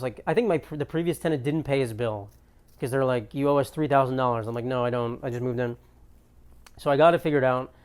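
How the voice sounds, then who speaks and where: A man's voice: mid-range voice, smooth. Ranting young man comedy monologue. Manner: ranting, exasperated, profane storytelling. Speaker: comedian podcast host. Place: apartment.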